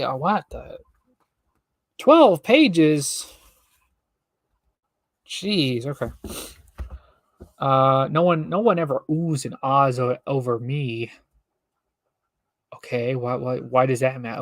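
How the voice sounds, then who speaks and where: A man's voice: medium pitch, fairly bright tone, dry recording. A young man casually reading a children's book aloud on a stream, breaking off for bemused jokes. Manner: reads with joking, bemused asides. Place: home streaming setup.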